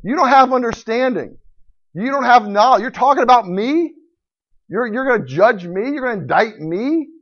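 Preacher putting on a mighty, sarcastic male God, loud high rhetorical questions, muffled lo-fi recording. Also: lively intonation, moderate pace, full character voice. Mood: challenging. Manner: booming, emphatic rhetorical questions. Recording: dull lo-fi recording.

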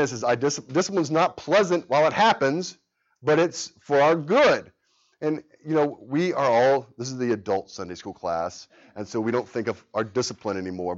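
The recording of this medium-pitched male voice has its highs cut off. He's in his thirties, leading an adult Sunday school class in an earnest, conversational way, worn out from a sleepless night but animated whenever he tells a story.

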